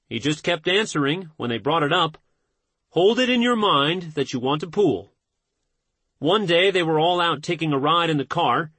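Husky, earnest male audiobook narrator. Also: a little high, fairly bright tone, dry recording. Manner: measured, earnest reading. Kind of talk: scripted narration.

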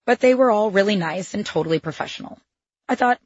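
Wry, husky-voiced woman narrating her memoir. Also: mid-range voice, lively intonation, quick pace, no room sound, lo-fi sound. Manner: wry, sardonic asides. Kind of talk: first-person memoir narration.

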